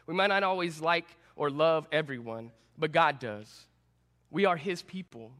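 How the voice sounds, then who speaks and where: A young adult man, a student pastor, preaching a sermon and telling a personal story with animated, self-deprecating humor. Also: fairly high pitch, unhurried. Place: church sanctuary. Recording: long reverb in a church hall.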